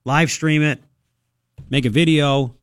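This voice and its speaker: This radio host talks in a fairly high, steady voice at a slow pace, reading news aloud with sarcastic asides in chatty, casual commentary. He's sniffling from a cold while speaking into a studio microphone, and no room sound comes through.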